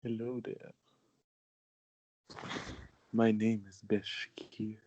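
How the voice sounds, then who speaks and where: A man putting on a slow, breathy mock seduction as his hero, in whispered role-play. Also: lowish voice, little pitch movement, warm tone, highs cut off, slight background noise. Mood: mock seductive.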